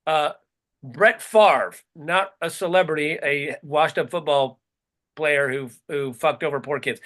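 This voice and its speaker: Bright-voiced man ranting sarcastically. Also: a little high, a little slow. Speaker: podcast co-host. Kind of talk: casual comedic chat.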